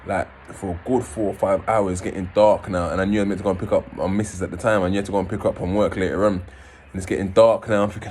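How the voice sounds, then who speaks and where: A man, casually telling his own story in an animated way, swearing and acting out scenes. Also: fairly low pitch, racing, slight background noise. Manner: animated, swearing, acts out scenes in raised voices.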